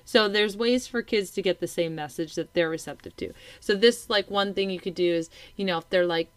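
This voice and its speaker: A woman in her thirties talks casually about parenting, slipping into little acted-out voices for kids and parents. Her pitch sits in the middle for a woman. The sound is dry and close, with no room around it. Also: brisk, hardly any pauses, no room sound. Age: 30s. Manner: animated, acts out kids' and parents' lines. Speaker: podcast co-host, mother. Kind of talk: casual chat.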